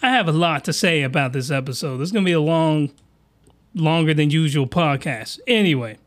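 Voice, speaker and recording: A man hosting a podcast, giving crude, animated reaction commentary that often rises into excited yelling. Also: a little high, brisk. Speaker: podcast host.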